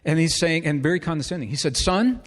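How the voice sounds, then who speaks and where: An earnest middle-aged man speaks to a live audience in a storytelling way and turns to them with rhetorical questions. His voice sits somewhat high for a man. A long reverb from the large hall trails after his words. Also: fairly even intonation, very fast.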